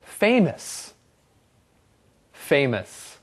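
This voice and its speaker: Animated, slow-talking male co-host. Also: mid-range voice. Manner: clear, upbeat, carefully spoken. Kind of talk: children's TV English lesson.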